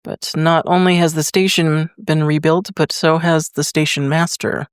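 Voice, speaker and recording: A woman's voice: low-pitched, level tone, clean tone, no room sound, studio quality. A woman co-hosting a book podcast, reading a chapter summary and then chatting with giggles. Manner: giggly, quick to correct others. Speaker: podcast co-host. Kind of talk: reads chapter summary, then casual chat.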